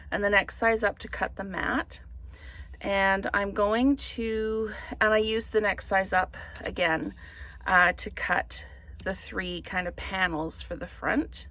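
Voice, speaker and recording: A woman's voice: mid-range voice, vocal fry, a bit bright. A woman chatting through a card-making tutorial, thinking aloud as she works. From Canada. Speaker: papercraft demonstrator.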